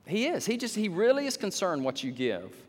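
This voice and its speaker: Animated preacher in a reverberant sanctuary. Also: male voice. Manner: animated preaching, swings from low and slow to loud high exclamations. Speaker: pastor. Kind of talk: sermon. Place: church sanctuary.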